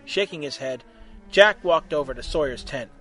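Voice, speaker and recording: A man reading a fan-made story aloud, narrating in a lively, wry way. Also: a little high, normal speed, faint music behind.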